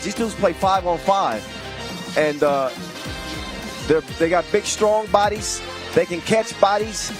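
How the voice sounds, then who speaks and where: A man calling a basketball game live, shouting with excitement and playful wordplay. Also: sits high. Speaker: play-by-play commentator. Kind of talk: excitable sports commentary. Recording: loud arena crowd and music behind. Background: crowd and music.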